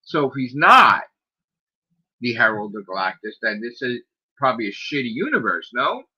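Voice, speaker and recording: On a slightly dull, lo-fi streaming mic, a podcast host rants casually and with exasperation, swearing a lot, firing off rhetorical questions and saying "like" constantly. His medium-pitched voice is very animated, with a breathy edge, at a moderate pace.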